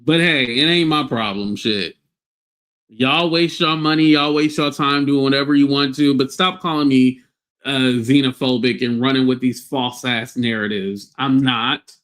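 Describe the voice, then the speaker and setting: A man's voice: mid-range voice, moderate pace, a bit bright. A man hosting a livestream, ranting bluntly and scornfully with plenty of profanity. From United States. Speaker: livestream host. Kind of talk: casual livestream rant.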